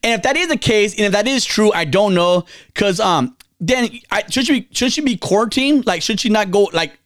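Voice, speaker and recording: A man's voice: sits high, animated, a little fast, a bit bright, no echo, studio quality. A man co-hosting a podcast, rambling in casual chat, cursing often and restarting his sentences. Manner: rambling, profane, talks over himself with restarts. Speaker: podcast co-host.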